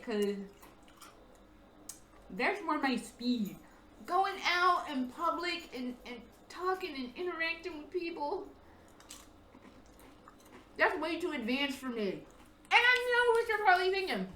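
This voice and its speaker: A high, bright-voiced young American woman rattles through a profane storytime from her apartment, animated and self-mocking, and acts out the people she quotes. Her voice rings in a roomy, echoey space. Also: unhurried, a little hiss or hum. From United States. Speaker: vlogger. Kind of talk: casual storytime chat.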